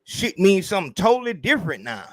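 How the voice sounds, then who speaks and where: A man hosting a podcast, ranting casually in a profane, animated way and mimicking people in mocking voices. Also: high voice, fast talker. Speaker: podcast host. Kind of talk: casual rant.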